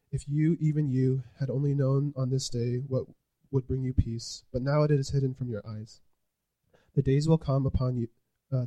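Brief: male scripture reader, mellow dark tone, steady measured reading, mid pitch.

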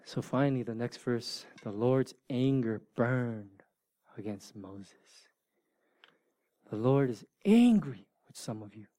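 A man in his forties preaching a sermon, informal and joking, dropping from loud bursts to hushed near-whispers. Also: medium pitch, expressive, takes it slowly, no room sound, studio quality. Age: 40s. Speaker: pastor.

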